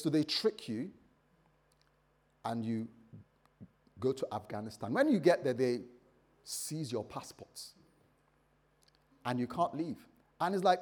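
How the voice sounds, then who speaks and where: Husky-voiced male preacher. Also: a little high, expressive, normal speed, pauses often, darkish tone. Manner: conversational, quizzes the congregation, acts out scenarios. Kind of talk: sermon.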